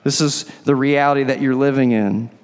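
A man's voice: medium pitch, steady tone, a little fast, clear, resonant tone. A male pastor preaching a sermon, explaining scripture and asking rhetorical questions. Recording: long hall reverb.

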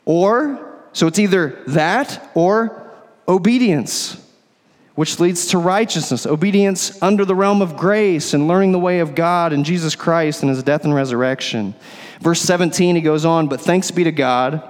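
Male pastor, sermon, explaining and asking questions, slightly high voice, long reverb. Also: moderate pace. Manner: explanatory preaching with rhetorical questions.

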